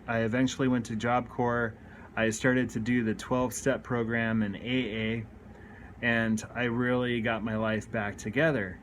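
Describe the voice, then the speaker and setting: A man's voice: medium pitch, little pitch movement, measured pace, fairly bright tone, a little hiss or hum. Candid man telling his recovery story. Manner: candid and earnest, with frequent restarts. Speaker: recovery speaker. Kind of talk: personal confessional story.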